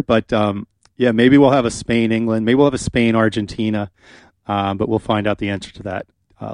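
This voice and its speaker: A man's voice: mid-range voice, no room sound. A man hosting a radio talk show, chatting casually and rambling with many fillers from a studio.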